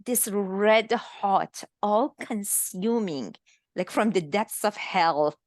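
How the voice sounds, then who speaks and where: A woman in her fifties from Iran, telling her own story in a halting, emotional way over a video call. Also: mid-range voice, no echo, clean studio sound. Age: 50s. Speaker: guest. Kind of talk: personal testimony in a virtual talk.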